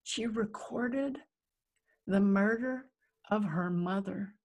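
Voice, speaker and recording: A middle-aged woman, an interview guest, telling a personal story in a vivid, animated way that acts out sounds and quotes. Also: medium pitch, slow pace.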